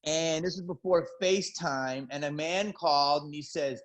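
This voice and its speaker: A man, a comedian, telling an animated comic story over a video call with drawn-out pauses. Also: a little high. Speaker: comedian guest.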